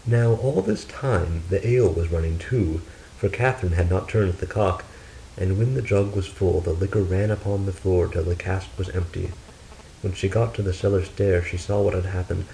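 A man narrating a fairy tale in a steady, measured storybook reading. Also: deep voice, creaky, slight background noise, poor audio.

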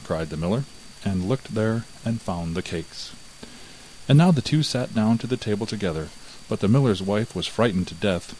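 A man narrating a fairy tale from a script in a measured, even way. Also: on the low side, a little hiss or hum, rough recording. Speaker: storyteller.

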